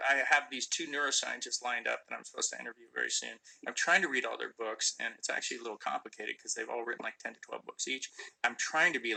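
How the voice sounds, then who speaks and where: A middle-aged actor chatting casually on a phone live stream, answering fan questions with lots of ums and restarts. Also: male voice, mid-range voice, gravelly, pushed and bright, low-quality recording. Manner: rambling, many fillers and restarts.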